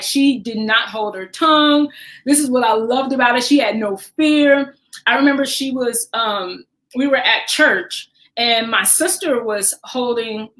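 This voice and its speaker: Woman storyteller, forties, fairly high voice, lively and laughing, roomy echo. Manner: animated, laughing, acts out quoted voices. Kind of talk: personal storytelling. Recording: echoey room.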